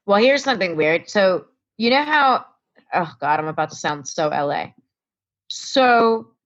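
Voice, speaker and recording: A woman's voice: lowish voice, fairly bright tone, muffled recording. A woman from Connecticut, a comedian guest, telling a story in casual talk and acting out the voices of the people in it.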